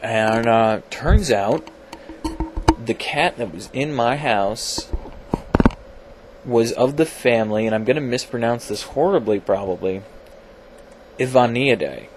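A man's voice: medium pitch, animated, a little slow, noisy background. Rambling man in a casual science vlog. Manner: rambling, self-deprecating, lots of fillers and restarts. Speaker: video blogger. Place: home, at his computer.

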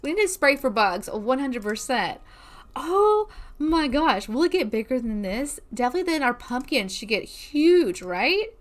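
Woman let's-play host, high and very lively, full of bubbly gushing commentary. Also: normal speed. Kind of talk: casual gameplay commentary.

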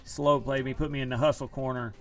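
A man's voice: medium pitch, little pitch movement, a little fast. A man live-streaming an online card game from home, chatting casually and groaning about his bad luck.

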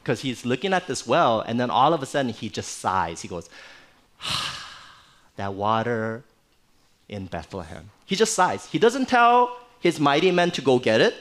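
A middle-aged man preaching a sermon in a church, conversational and animated, with playful asides. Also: mid-range voice, a little fast, hardly any pauses. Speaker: pastor.

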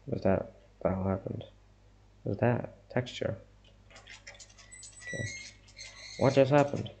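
A man's voice: medium pitch, takes it slowly, vocal fry, warm tone, slight background noise. A young man giving a let's-play commentary on a horror game, muttering to himself and reacting nervously to scares. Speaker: gamer.

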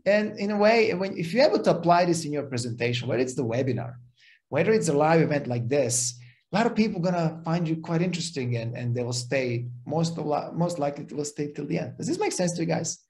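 A man's voice: a little high, lively intonation, fast, a little mellow. A middle-aged man giving a live seminar talk in an expo hall, direct and jokey, often quizzing the audience. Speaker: business speaker.

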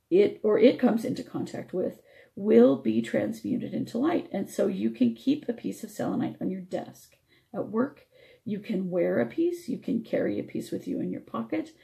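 A woman's voice: medium pitch, gravelly, warm tone. A woman radio host teaching spiritual energy techniques, explaining step by step while her voice struggles.

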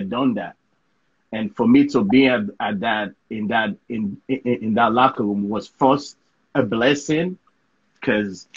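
A man from Sierra Leone telling a story in a casual interview, lively and full of repeated words and "right?" tags. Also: mid-range voice, husky, lo-fi sound. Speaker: interview guest, pro soccer player.

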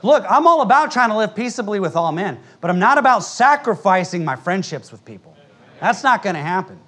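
Brisk and very animated, the high-sitting voice of an American pastor carries a fairly bright tone through the church sanctuary. He preaches to the congregation in a blunt, emphatic, conversational style, tossing in frequent asides.

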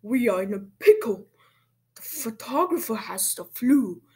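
A woman's voice: fairly high pitch, animated, a little slow, dark tone, husky, exaggerated voice. A woman voicing a male school principal in a children's storybook read-aloud. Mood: announcing.

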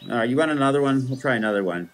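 A man's voice: medium pitch, expressive, racing, slight background noise. A man hosting a school morning show, reading out announcements in a playful, jokey manner.

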